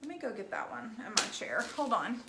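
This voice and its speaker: Bubbly high-voiced woman, livestreaming. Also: very animated, a little fast. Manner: bubbly, gasping, chatty with viewers. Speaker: craft painter hosting a livestream. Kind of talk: casual live painting chat. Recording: echoey room with faint noise.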